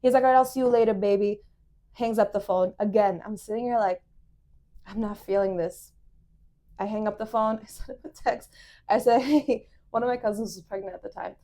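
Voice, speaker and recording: A young woman co-hosting a casual chat show, telling a dating story in an animated way and acting out what people said. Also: mid-range voice, normal speed. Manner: animated, quotes people in lively voices. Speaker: podcast co-host.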